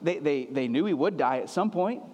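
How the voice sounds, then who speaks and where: A man's voice: fairly high pitch, lively intonation, normal speed, a little mellow, in a large hall. A man preaching a sermon as a pastor, earnest and emphatic, often repeating his phrases for weight.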